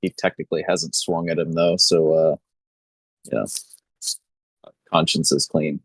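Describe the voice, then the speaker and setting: A man with a very deep voice describes his character's actions in a tabletop game, pausing on fillers as he thinks. The sound is dry and close, with no room around it. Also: fairly even intonation, a bit bright, breathy edge, no room sound, poor audio. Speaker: player. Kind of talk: casual tabletop game play.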